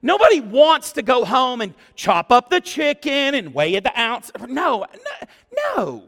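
A man preaching a sermon as pastor, animated and exclamatory, acting out what people say. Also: very high voice, a little slow. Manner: animated, exclamatory, acts out quotes. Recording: long church-hall reverb.

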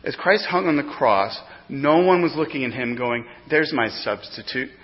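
A man preaching a sermon as pastor, emphatic, swinging between loud declarations and hushed explanation. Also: mid-range voice, animated, normal speed. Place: church sanctuary. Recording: dull lo-fi sound with long hall reverb.

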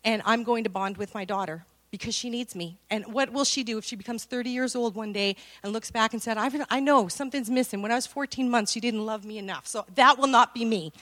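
A woman's voice: fairly high pitch, fairly quick, few pauses. A woman, giving a sermon full of personal stories, acting out dialogue and laughing often. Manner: animated storytelling, acts out dialogue, laughs often. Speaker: women's speaker.

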